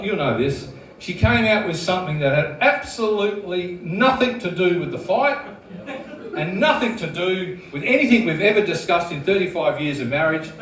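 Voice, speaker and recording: Australian male stand-up, 50s, crude blokey deadpan, a touch high-pitched, roomy club sound from afar. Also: recorded from a distance. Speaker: stand-up comedian. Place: comedy club stage with live audience.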